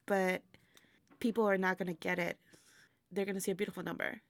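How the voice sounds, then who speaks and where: A woman speaks with a gravelly, slightly fried texture, reflecting in a relaxed interview and breaking into laughs between thoughts. The sound is dry and close, with no room around it. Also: mid-range voice, brisk, no echo. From immigrant to the United States. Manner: reflective, laughs often, many fillers. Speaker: burlesque performer, guest. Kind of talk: casual interview chat.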